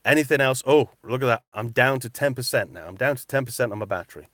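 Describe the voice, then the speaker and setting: Fast and mid-range, this man's voice comes through dry and at studio quality. He's a voice artist and metal-detecting vlogger who reads viewer comments aloud during a casual live stream, recording from a cupboard he uses as a booth. He talks in a chatty, animated way, repeating himself.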